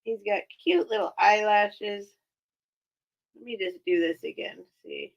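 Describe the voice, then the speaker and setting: A woman's voice: medium pitch, fairly even intonation, measured pace, gravelly, muffled recording. A woman hosting a live online sale, chatting casually and rambling as she shows off her items, often breaking into giggles. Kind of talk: casual live-stream sales chat.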